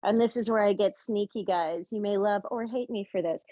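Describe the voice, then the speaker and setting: With a dark tone and medium pitch, this woman guides a yoga class at a moderate pace, cheerful and joking as she calls out poses. Now and then she speaks while holding a pose herself. There's no echo.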